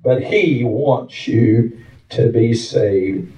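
A man's voice: mid-range voice, drawn-out words, dark tone, a little hiss or hum. A man preaching a fervent sermon, telling a story in plain, colloquial rural speech. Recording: dull, roomy sound from far off.

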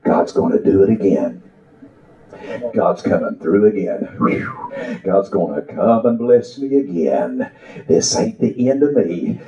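A man's voice: low-pitched, expressive, slow pace, echoey room, distant mic, dull audio, crowd noise. A man preaching an impassioned sermon to a church congregation, exclaiming and telling a story. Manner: impassioned, exclaiming, rising and falling.

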